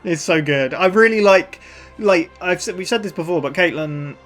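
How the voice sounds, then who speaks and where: A man casually recapping and discussing a TV episode as co-host, rambling with frequent fillers and quick laughs. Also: high voice, a bit bright, faint music behind. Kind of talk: casual chat.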